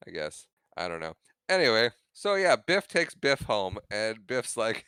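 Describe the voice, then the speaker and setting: A man co-hosting a podcast, casually recapping a movie, laughing often and acting out quick bits of dialogue. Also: on the low side, very animated, sharp tone, clean tone, no room sound, studio quality. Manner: retells scenes with quick acted-out quotes, laughs often. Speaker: podcast co-host.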